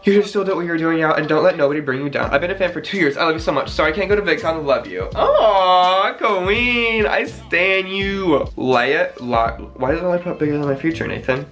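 A man's voice: a little high, fairly bright tone, faint music behind. A young man reading out fan messages in a gushing, dramatic casual chat. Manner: gushing, dramatic, quick gasps and sighs.

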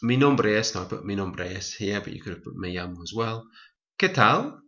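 A man teaching a Spanish lesson, reading example lines slowly and explaining each step clearly. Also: lowish voice, expressive, a bit bright, muffled recording. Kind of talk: recorded language lesson.

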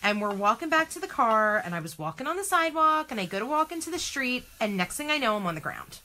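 Bright, chatty Philly-woman crafting. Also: fairly high pitch, big pitch swings, fast. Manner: chatty, self-deprecating, exclaiming. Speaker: craft vlogger. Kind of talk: casual chatty craft demo.

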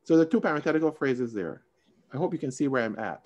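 Over a video call, a man teaches a Sunday school Bible lesson, his mid-range voice moving fast between emphatic, stressed passages and quiet asides. He sounds expressive throughout, and the audio is lo-fi.

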